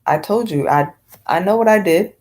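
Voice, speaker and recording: A woman's voice: mid-range voice, moderate pace, darkish tone. A woman talking bluntly in a casual vlog rant, rambling with many fillers and swearing freely. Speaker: vlogger.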